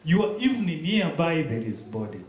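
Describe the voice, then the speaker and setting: A young man giving a church testimony, telling his story slowly and haltingly with pauses and restarts. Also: fairly high pitch, big pitch swings. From Democratic Republic of the Congo. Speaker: guest speaker. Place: large echoey church hall. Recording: very echoey room, faint hiss.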